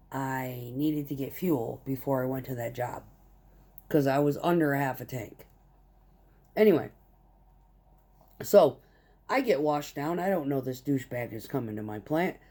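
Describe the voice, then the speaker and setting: A woman's voice: extremely low pitch, animated, moderate pace, long pauses, dark tone. A woman truck driver telling a heated, profane story about a work conflict in short clipped phrases. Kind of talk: casual storytelling rant.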